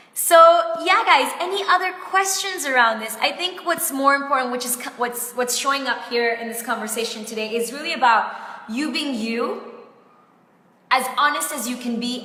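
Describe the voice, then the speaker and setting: A woman's voice: high voice, bright, forceful tone. A woman business coach talking in a live-streamed coaching session, effusive and heartfelt, close to tears, with "like" sprinkled through her talk. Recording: echoey room with long reverb.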